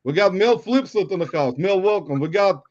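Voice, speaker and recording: A man's voice: high voice, lively intonation, moderate pace, a little mellow, a little hiss or hum. A man hosting a casual livestream chat, joking loosely and laughing often as he welcomes people. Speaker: livestream host. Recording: dull, lo-fi stream audio.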